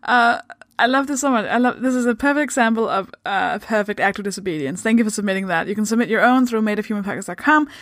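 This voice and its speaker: A woman's voice: mid-range voice, dry recording, clean studio sound. A woman from Denmark hosting her podcast in a casual, chatty way, giggling and swearing freely. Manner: slips into goofy voices for jokes. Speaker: podcast host.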